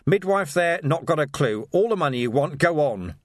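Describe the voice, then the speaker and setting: A man voicing an exhausted, gruff male police commander barking terse orders. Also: a little high, expressive, moderate pace, no echo, studio quality, pitched above the performer's own voice. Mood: urgent.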